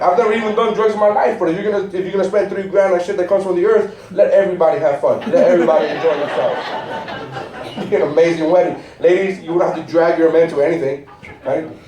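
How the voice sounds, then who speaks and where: A man in his thirties doing a live stand-up set on a cruise ship stage, animated, tossing "right?" to the crowd. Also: sits high. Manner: animated, rhetorical "right?" asides. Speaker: stand-up comedian. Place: cruise ship theater, audience laughing. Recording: echoey theater from far off. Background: crowd laughter.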